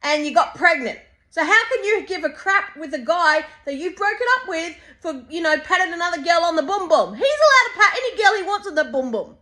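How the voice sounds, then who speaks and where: A woman's voice: extremely high pitch, lively intonation, a little fast, sharp tone. A woman co-hosting a casual chat, blunt and sarcastic with some swearing. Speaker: podcast co-host.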